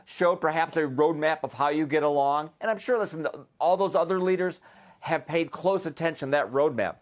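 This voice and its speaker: American man, policy analyst guest, live news interview, halting delivery with fillers. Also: on the high side. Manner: hesitant, many restarts and fillers.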